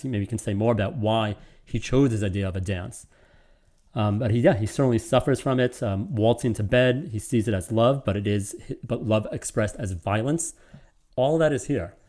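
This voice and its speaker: A man's voice: on the low side, a little mellow. A man giving an online literature lecture, explaining and thinking aloud as he goes. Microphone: video call.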